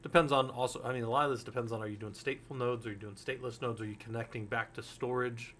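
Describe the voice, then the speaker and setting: A man's voice: medium pitch, fairly even intonation, quick pace, a bit bright, slight background noise. A man in his forties teaching a Linux security course in a candid, loose way, swearing freely and drifting into anecdotes. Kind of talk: casual technical lecture.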